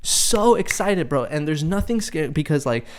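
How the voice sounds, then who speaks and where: A young man hosting a casual solo podcast, telling stories in an animated, profane, exasperated way. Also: fairly high pitch, moderate pace. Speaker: podcast host.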